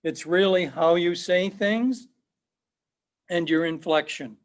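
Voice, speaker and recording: A man's voice: sits high, slow pace. A middle-aged man, a professor, giving an online class lecture in a conversational way, repeating himself and quizzing his students.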